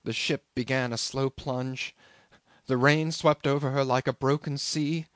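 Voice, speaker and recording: A man voicing a haunted young sailor, quiet and low. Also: a little slow, no room sound, lightly acted. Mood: hushed, haunted. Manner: quiet, flat, low-voiced telling. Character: shaken young male sailor, hollow and haunted.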